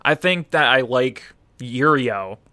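A man co-hosting a podcast in casual chat, animated and excitable. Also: medium pitch, slow, dry recording. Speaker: podcast co-host.

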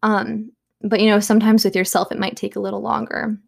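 A young woman talks at home in a loose, chatty self-help monologue. Her pitch sits in an ordinary middle range. She leans on fillers and lets soft little laughs slip between her thoughts. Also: level tone, fairly quick, vocal fry. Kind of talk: casual monologue.

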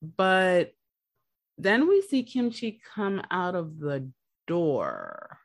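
A woman's voice: fairly low pitch, wildly swooping pitch, drawn-out words, dry recording. A woman hosting a podcast, casually retelling a TV episode in a chatty storytelling way. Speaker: podcast host.

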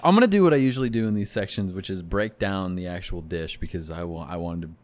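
Low-voiced man joking around. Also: fast, darkish tone. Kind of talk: improvised comedy banter.

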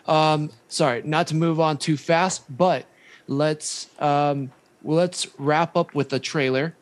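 Man with a Hawaiian accent, podcast host, relaxed chatter, slightly high voice, dry close mic. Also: slow pace, no room sound. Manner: relaxed, filler-heavy, moderating the talk. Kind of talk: casual chat.

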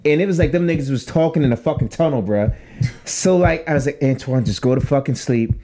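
Speaking fairly quickly at medium pitch, a young man co-hosting a podcast launches into a long, swear-filled story in casual conversation. He tells it with animation, performing the quoted voices himself.

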